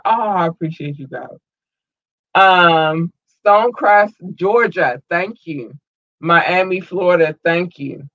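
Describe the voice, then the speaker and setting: Slow, slangy host giving listener shout-outs. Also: mid-range voice, muffled recording. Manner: slangy, drawling, swears freely. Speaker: host of an online show.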